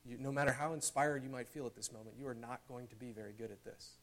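A man preaching a sermon in a church, earnest, building louder and higher toward emotional peaks. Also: fast. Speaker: pastor.

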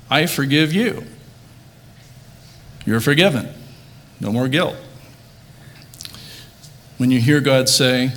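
Earnest man preaching a sermon. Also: medium pitch. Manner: earnest, builds emphasis on quoted words, restarts phrases. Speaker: pastor. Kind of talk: quiet closing prayer.

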